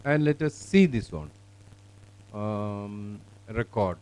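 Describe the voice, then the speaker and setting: Presenter: man, halting product demo, mellow tone, dry close sound. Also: fairly low pitch, animated, clear, resonant tone, dry recording, poor audio. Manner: halting, many fillers. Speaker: software presenter. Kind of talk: product demonstration.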